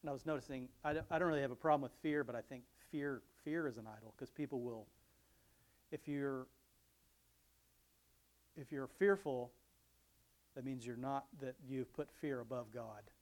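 A man's voice: medium pitch, moderate pace, long pauses. A middle-aged man giving a casual devotional talk, rambling, chuckling often and restarting his sentences. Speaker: Christian speaker.

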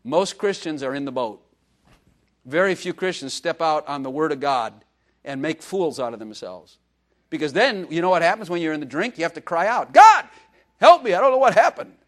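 Man, pastor, sermon in a church, higher-pitched voice, loud emphasis then hushed asides, acts out quotes, humorous. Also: moderate pace. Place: church before a congregation.

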